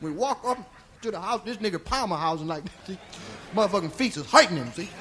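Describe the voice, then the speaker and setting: A comedian playing a crude, rambling old storyteller, telling a long tale with chuckling asides on a live comedy record. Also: male voice, high-pitched, expressive, fast, bright, forceful tone, slight background noise, pitched below the performer's own voice. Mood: drawling, rowdy. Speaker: stand-up comedian. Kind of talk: stand-up character monologue. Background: audience laughter.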